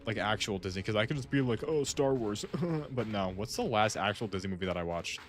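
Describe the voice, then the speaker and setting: A man's voice: fairly low pitch, fast talker, slight background noise. A man gaming and chatting casually, rambling with lots of "like" as he muses aloud to friends. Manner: rambling, heavy use of "like", musing aloud to friends. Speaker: gaming streamer. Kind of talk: casual chat while playing a game.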